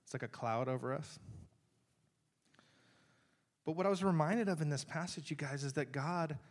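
A man's voice: on the high side, normal speed. A man preaching a sermon in a conversational, earnest way, with frequent restarts and asides to the congregation. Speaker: pastor.

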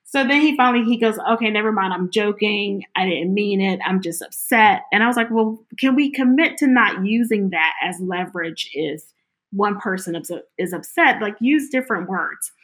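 A middle-aged woman speaks at a moderate pace in a mid-range voice, relating her personal story during an interview. She acts out quoted dialogue in an animated way.

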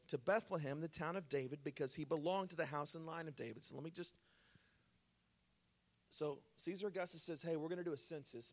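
A man preaching a sermon as pastor, in a casual, conversational way with joking asides, reading scripture slowly and softly. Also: fairly high pitch. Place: church service before a live congregation.

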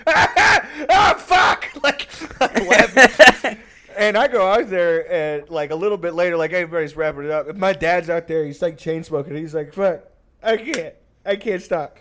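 A man's voice: a little high, fairly bright tone. A man telling a long, rambling, profane family story on a podcast, laughing often. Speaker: podcast host. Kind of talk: casual storytelling.

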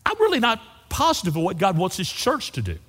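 A man's voice: high-pitched, wildly swooping pitch, brisk, a bit bright. A man, preaching a sermon as pastor in a folksy, storytelling way. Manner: folksy storytelling, varied emphasis. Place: large church sanctuary. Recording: long reverb of a church hall.

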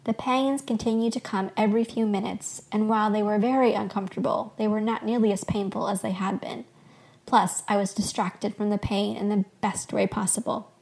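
A woman podcast host reading her own fictional story aloud, soft and expressive. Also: medium pitch, a little fast, creaky.

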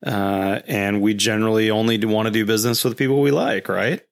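A man with a fairly low voice chats as a podcast guest. He tells rambling stories in a relaxed, conversational way and slips into quick acted-out quotes. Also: creaky. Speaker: guest, home builder. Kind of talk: casual podcast storytelling.

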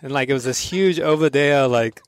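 A man's voice: mid-range voice, moderate pace, clear, resonant tone, dry recording, studio quality. Laughing surfer man telling stories. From Florida. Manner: laughing, animated, acts out voices in his stories. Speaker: podcast host, pro surfer. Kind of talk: casual storytelling chat.

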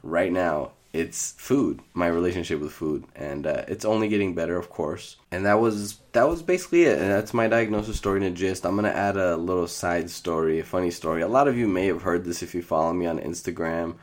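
Very deep-voiced young man rambling a story. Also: fairly quick, hardly any pauses. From Iraq. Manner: scattered, rambling, laughs through his story. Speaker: podcast host. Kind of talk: casual storytelling monologue.

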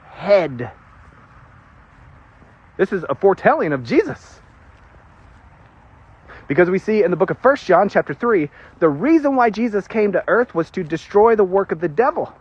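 A man preaching a sermon, animated and prone to nervous giggling as he explains scripture. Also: high voice, husky. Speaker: pastor. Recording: dull lo-fi recording.

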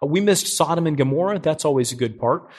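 A middle-aged man preaching a sermon as pastor, energetic and joking, often asking his listeners questions. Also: a little high, fast.

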